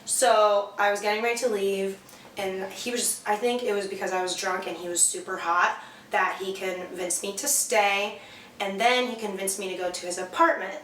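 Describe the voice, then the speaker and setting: A woman's voice: medium pitch, fairly even intonation, moderate pace, fairly bright tone, a little hiss or hum. A young woman casually telling a candid, profane story as a vlog co-host. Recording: echoey room, mic far off.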